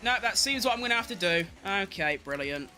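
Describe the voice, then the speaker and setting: A man giving excitable, self-mocking live commentary while playing a racing game, talking to himself as he drives. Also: high-pitched, a little fast, slight background noise. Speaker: gaming streamer.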